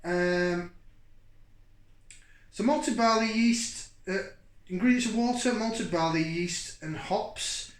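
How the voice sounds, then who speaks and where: A man's voice: high-pitched, slow, pauses often. A middle-aged man, chatting casually as he reviews a beer to camera, rambling and thinking aloud. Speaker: beer reviewer and channel host. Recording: echoey room, mic at a distance.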